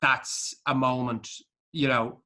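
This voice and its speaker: A man's voice: medium pitch, level tone, takes it slowly, pushed and bright. An Irish man co-hosting a casual podcast chat, talking bluntly and intensely with heavy swearing. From Ireland. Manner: intense, motivational. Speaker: podcast co-host.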